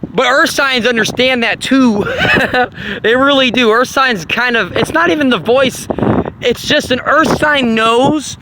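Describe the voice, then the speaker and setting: A man rambling casually and profanely, laughing often, in an animated monologue. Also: extremely high pitch, slow pace, very noisy. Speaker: vlogger on astrology.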